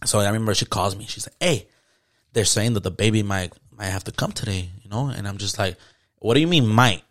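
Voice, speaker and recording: A man's voice: fairly low pitch, fairly quick, a bit bright. A young man, telling a story in casual podcast chat, slangy and profane, dropping in Spanish words. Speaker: podcast host.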